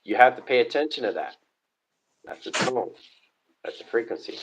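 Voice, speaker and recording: A man's voice: mid-range voice, animated, moderate pace, noisy background. A man teaching in a live question-and-answer stream, lecturing in repetitive lists. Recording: dull lo-fi stream audio.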